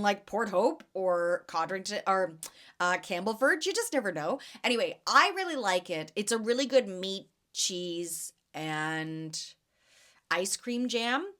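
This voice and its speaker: Chatty bright-voiced woman podcaster. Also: medium pitch. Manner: chatty, animated storytelling with fillers. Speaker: podcast host and jam vendor. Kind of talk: casual chat.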